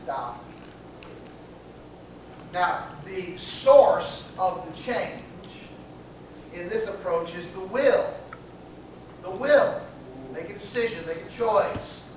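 A man's voice: sits high, slow pace, darkish tone. A man teaching a class, speaking emphatically, repeating key phrases and putting questions to his students. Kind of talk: classroom lecture. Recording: echoey room, mic far off, noisy.

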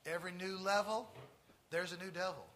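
A male preacher delivering a sermon full of stories, swinging from hushed tones to loud emphatic lines and drawing out key phrases. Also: high voice, steady tone, fairly quick, slight background noise. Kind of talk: sermon with storytelling.

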